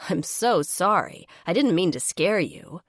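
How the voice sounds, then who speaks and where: A woman's voice: on the low side, lively intonation, measured pace, no room sound, studio quality. A woman voicing a friendly, apologetic young man in a romance audiobook.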